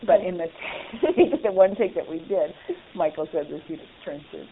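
Woman, interview guest, animated and chatty, lowish voice; tinny phone-quality line. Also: normal speed, background noise. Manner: animated, laughs often, restarts. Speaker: actress being interviewed. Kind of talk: casual interview chat.

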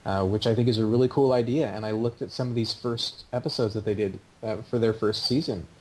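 A man's voice: lowish voice, fairly quick, darkish tone, breathy edge, poor audio. A man hosting a podcast, talking in a chatty, opinionated way. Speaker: podcast host. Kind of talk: casual podcast chat.

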